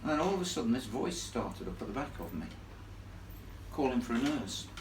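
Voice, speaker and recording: A man telling a ghost story live to an audience, in a blunt, animated way with plenty of salty asides. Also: mid-range voice, fairly quick, noisy background. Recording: echoey room filmed from far off.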